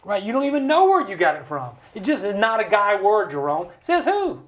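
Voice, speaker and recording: Host, fifties; raised pitch, emphatic preacher-like delivery, acts out quotes. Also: male voice, fast talker. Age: 50s. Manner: emphatic, animated storytelling with voiced quotes. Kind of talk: conversational podcast talk, preaching-style. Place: recording studio.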